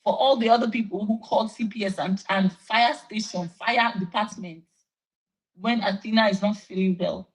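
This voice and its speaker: Husky, weary woman pleading with fans. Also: mid-range voice, fairly even intonation, normal speed, rough recording. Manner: pleading, tearful, tired. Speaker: livestreamer addressing fans. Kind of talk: emotional live stream.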